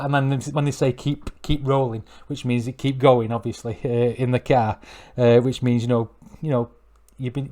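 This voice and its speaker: A middle-aged man hosts a music reaction video. He rambles and keeps correcting himself as he gets worked up about a song. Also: medium pitch. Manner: rambling, self-correcting, excitable. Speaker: music reaction channel host. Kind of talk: casual reaction commentary.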